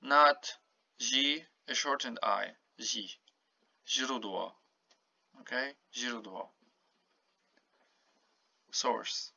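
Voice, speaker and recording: Slow gravelly man teaching pronunciation. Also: medium pitch, sharp tone, no echo. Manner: slow, patient, repeats words to model pronunciation. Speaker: Polish language teacher. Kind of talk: casual spoken language lesson. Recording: dull lo-fi home recording.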